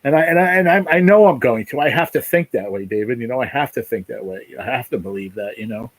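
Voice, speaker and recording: A man's voice: medium pitch, lively intonation, fast, no room sound, low-quality recording. Emotional, rambling man on a live stream. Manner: rambling, emotional, repeats "you know". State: close to tears. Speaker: livestream host. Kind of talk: casual live-stream chat.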